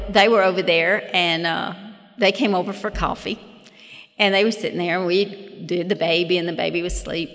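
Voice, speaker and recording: A woman's voice: lowish voice, fairly bright tone. A woman in her fifties sharing her personal story at a recovery meeting, folksy and self-deprecating, with chuckling asides. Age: 50s. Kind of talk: personal testimony with humorous storytelling. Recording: long hall reverb.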